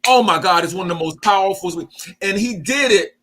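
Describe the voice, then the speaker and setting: A man speaking as an invited poet, effusive and excitable, his voice breaking with emotion as he pays tribute on a video call. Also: high-pitched, a little fast. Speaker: guest poet.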